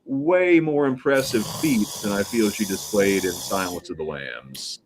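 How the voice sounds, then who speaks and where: A man guest on a live horror chat, making measured arguments with hesitant restarts. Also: fairly low pitch, expressive, background noise.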